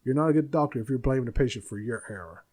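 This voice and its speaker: A man's voice: mid-range voice, expressive, rapid-fire, darkish tone. A man in his forties hosting a podcast, venting bluntly in a casual monologue. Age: 40s. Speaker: podcast host.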